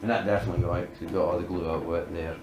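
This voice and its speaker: A man's voice: deep voice, steady tone, very fast, darkish tone, echoey room, a little hiss or hum, poor audio. A man filming a casual woodworking demonstration, talking himself through each step and often muttering under his breath. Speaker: DIY woodworking vlogger.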